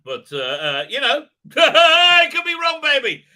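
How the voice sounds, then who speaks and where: Rambling middle-aged man with bright voice. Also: very high voice, wildly swooping pitch, measured pace. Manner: rambling, many fillers, jokey and blunt. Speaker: host. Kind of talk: casual live-stream commentary.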